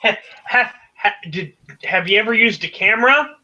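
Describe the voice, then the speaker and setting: A man's voice: high voice, normal speed, sharp tone, highs cut off. A man narrating as game master for a tabletop game, wry and laughing easily.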